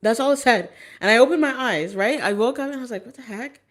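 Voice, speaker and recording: A woman's voice: a little high, fast talker. A woman telling a personal story in a casual, rambling way, with many fillers and restarts. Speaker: vlogger.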